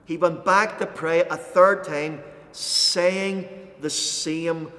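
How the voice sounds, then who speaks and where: A man preaching a sermon as pastor, impassioned, pausing dramatically and raising intensity when quoting. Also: a little high, steady tone, pushed and bright, long reverb tail. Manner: impassioned, dramatic pauses, voices quoted lines with rising intensity. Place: church.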